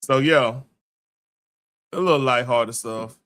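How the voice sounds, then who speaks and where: A man's voice: mid-range voice, slow, a bit bright, clean tone. A man hosting a casual podcast, chatting loosely with slangy phrasing and frequent restarts. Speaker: podcast host. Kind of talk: casual chat.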